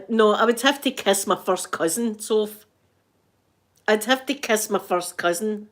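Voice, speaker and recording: Scottish woman telling casual stories. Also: medium pitch. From Scotland. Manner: animated, acts out the quoted people. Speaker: ASMR livestream host. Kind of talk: casual storytelling chat.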